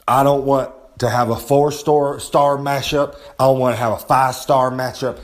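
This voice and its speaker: A man's voice: mid-range voice, level tone, normal speed. Man, wrestling promo monologue, boastful, rambling, third-person self-talk, gets heated, swears casually, outdoors. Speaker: recurring segment presenter. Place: outdoors on a humid day.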